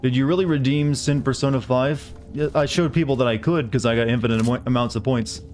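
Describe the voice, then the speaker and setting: A man's voice: medium pitch, quick pace, darkish tone, faint music behind. A male streamer giving casual, rambling gameplay commentary while chatting with viewers. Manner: chatty, rambling, many restarts.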